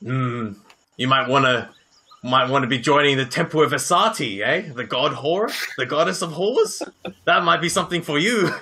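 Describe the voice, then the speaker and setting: A man voicing a nosy male companion who teases and mocks in a drawn-out way. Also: fairly high pitch, animated, pushed and bright, breathy edge, pitched above the performer's own voice, full character voice. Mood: mocking.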